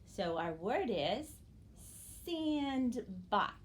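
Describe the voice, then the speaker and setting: A woman teaching young children a phonics game, slowly and clearly, encouraging them to repeat words after her. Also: a little high, big pitch swings, a little hiss or hum. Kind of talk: early-grade phonics lesson.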